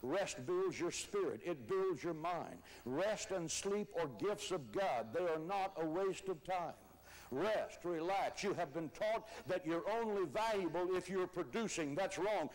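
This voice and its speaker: An older man preaching a sermon as pastor, emphatic, rising to shouts on key words. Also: high-pitched, rough recording.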